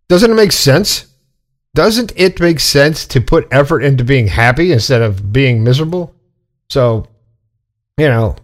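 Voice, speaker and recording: Blunt, swearing man giving a pep talk. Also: on the high side. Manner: blunt, swearing, preachy about positivity. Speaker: podcast host. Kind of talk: casual monologue.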